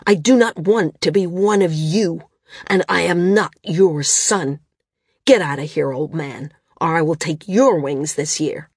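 A woman's voice: lowish voice, expressive, normal speed, no room sound, studio quality. Woman reading as a scornful young outcast man. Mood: enraged. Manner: cold and scornful. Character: bitter young male outcast flyer, defiant.

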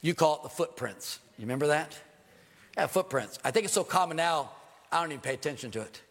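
Older guy pastor preaching, kinda high voice, earnest, repeats himself, big echoey church hall. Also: animated, fast, a bit bright. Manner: earnest and emphatic, with repeated phrases. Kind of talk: sermon. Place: church sanctuary. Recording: long hall reverb.

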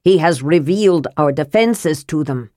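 A woman's voice: low voice, expressive, moderate pace, darkish tone, no echo, clean studio sound. A woman voicing Raelgar, a sly scheming dwarf lord. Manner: smooth, sneering, accusing. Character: scheming male dwarf ruler, sly villain.

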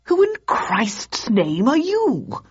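A nervous man caught where he should not be stammers out his answers, as a woman reading the book voices him. The tone is husky. The recording is slightly dull and lo-fi. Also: a little high, huge pitch swings, slow, pitched above the performer's own voice, full character voice. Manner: stammering, hesitant. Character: nervous, out-of-place male intruder.

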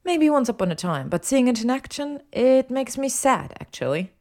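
Woman reader doing a sharp, insistent young witch, pitched up from the narration. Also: big pitch swings, normal speed. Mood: testy. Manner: pointed, questioning and insistent. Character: sharp, clever young witch, curious and testy. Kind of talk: audiobook character voice.

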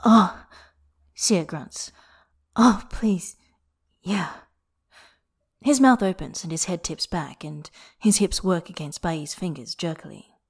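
A woman narrating an erotic story in a soft, intimate way, sometimes dropping to a whisper. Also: low voice, lively intonation, moderate pace, vocal fry. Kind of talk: erotic fiction reading.

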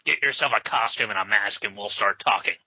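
A man reading aloud and voicing a gruff, contemptuous grown vigilante with curt, scornful lines. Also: fairly low pitch, brisk, bright, forceful tone, dry recording, heavily acted. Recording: slightly dull lo-fi sound.

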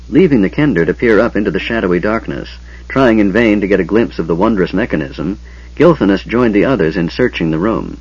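Husky low-voiced male narrator. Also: animated, fairly quick, darkish tone. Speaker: audiobook narrator. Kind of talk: scripted narration. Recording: dull lo-fi audiobook recording.

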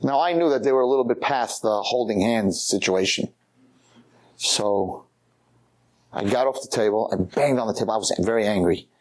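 A man giving a rabbi's lecture in a synagogue, telling a story with lively, animated delivery. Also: lowish voice, moderate pace. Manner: animated, acts out every character.

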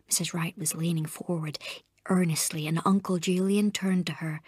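Soft-spoken woman narrating a novel. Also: on the low side, steady tone, normal speed, husky, no echo, clean studio sound. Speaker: audiobook narrator. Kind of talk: novel reading.

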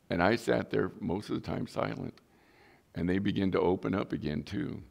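Gravelly low-voiced man preaching. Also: moderate pace, darkish tone. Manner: storytelling, plainspoken and earnest. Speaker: pastor and police chaplain. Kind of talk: sermon.

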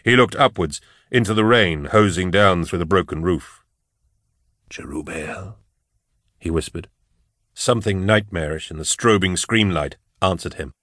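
A man narrating an audiobook with a steady, dramatic delivery. His voice sits low, and the recording is dry and close. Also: moderate pace, hardly any pauses, dry recording.

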